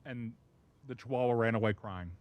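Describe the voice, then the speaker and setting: A man's voice: medium pitch, moderate pace, no echo. A man streaming and telling a rambling dog story, laughing often and swearing freely. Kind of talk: casual chat.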